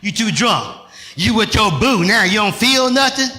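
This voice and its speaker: A male pastor preaching a sermon, swinging from loud shouted lines to soft asides with bursts of laughter. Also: high-pitched, animated, moderate pace.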